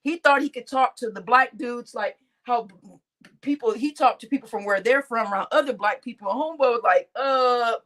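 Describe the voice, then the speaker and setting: A woman vlogger giving casual commentary, telling stories in a slangy, animated way and often breaking into laughter. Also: a little high, a little fast. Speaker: vlogger reacting to news.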